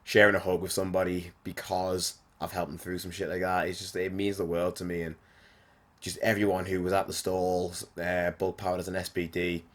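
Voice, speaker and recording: A man, talking casually and bluntly as a podcast host, swearing often and filling pauses with "like". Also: sits low, monotone. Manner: blunt and sweary, frequent fillers. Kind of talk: casual monologue.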